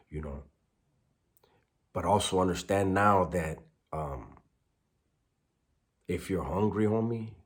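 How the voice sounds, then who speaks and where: A former prisoner telling a story in casual street slang, sprinkling in Spanish words. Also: male voice, deep voice.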